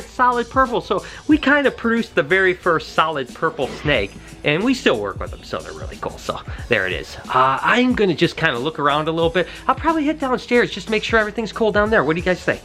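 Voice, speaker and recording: A middle-aged man, a reptile breeder, chatting casually and excitedly as he walks through his shop showing animals. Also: medium pitch. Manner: excited, gushing, exclamatory. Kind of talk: casual vlog walkthrough.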